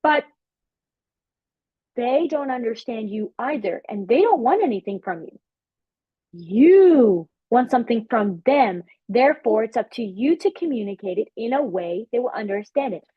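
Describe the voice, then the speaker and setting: A woman teaching on prophetic ministry, emphatic and animated, repeating her key phrases. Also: on the high side, normal speed, breathy edge, dry recording. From Africa. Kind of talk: preaching teaching session. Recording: dull lo-fi sound.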